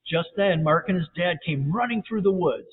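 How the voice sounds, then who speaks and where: High-voiced man reading a bedtime story. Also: moderate pace. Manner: gentle, lively read-aloud voices. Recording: tinny phone-like audio, faint hiss.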